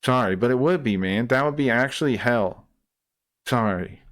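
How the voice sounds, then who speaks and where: Smooth-voiced man in a profane rant. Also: mid-range voice, moderate pace, fairly bright tone. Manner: profane, exasperated ranting; repeats and restarts while worked up. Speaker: streamer reacting to a debate clip. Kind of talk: heated reaction commentary.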